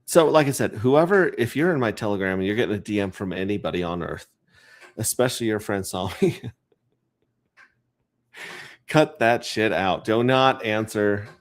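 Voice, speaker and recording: Man, low voice, rambling, joking, casual livestream chat. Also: expressive, normal speed, pauses often. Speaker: crypto livestreamer.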